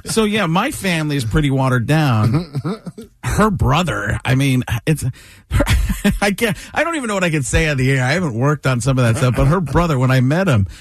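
Male comic, 40s, from Wisconsin, animated and laughing, lively pitch, slightly high for a man. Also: normal speed, no room sound, studio quality. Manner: animated, laughing storyteller who acts out voices. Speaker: comedian guest. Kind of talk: casual storytelling interview.

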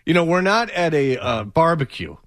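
A man's voice: on the high side, very animated, moderate pace, fairly bright tone, no echo, studio quality. A man co-hosting sports talk radio, rambling with lots of fillers and restarts. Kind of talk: casual morning sports talk. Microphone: studio mic.

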